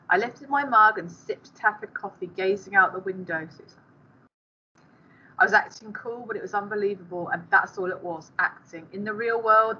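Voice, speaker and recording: A woman teacher reads a first-person novel aloud to her class, pausing now and then to speak to the pupils. Her voice is bright and crisp. The recording is a little dull, with a faint hiss underneath. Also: mid-range voice. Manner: stops the reading to speak to pupils.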